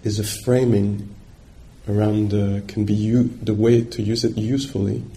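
A man's voice: lowish voice, level tone, moderate pace, warm tone, a little hiss or hum. A man giving a dharma talk as a meditation teacher, searching for words and checking in with his listeners.

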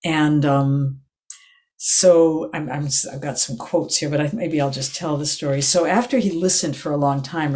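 Older woman, meditation teacher, unhurried reflective dharma talk, often restarts her sentences. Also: low voice, a little mellow. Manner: meandering storytelling, restarts and self-corrections.

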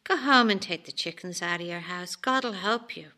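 A woman voicing a calm, wise old rabbi who gives gentle advice in a story she reads aloud. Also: fairly low pitch, moderate pace. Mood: serene. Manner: grave, serene, gentle advice.

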